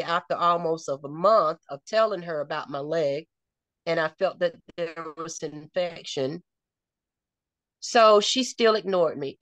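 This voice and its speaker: A woman's voice: on the low side, no echo. A middle-aged woman from North Carolina with a Southern accent, retelling a personal story in conversation and acting out the quoted dialogue. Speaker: interview guest.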